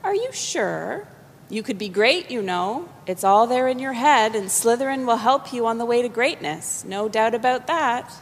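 A woman voicing a wise old talking magic hat that murmurs its thoughts softly, in a hall with long reverb. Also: on the high side, lively intonation, moderate pace, slight background noise. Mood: musing.

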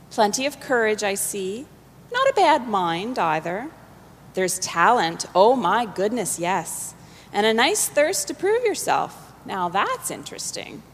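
A woman's voice: medium pitch, slight background noise. A woman putting on the murmuring Sorting Hat. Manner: soft, murmuring, thoughtful. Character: old talking magic hat, wise and musing. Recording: long hall reverb.

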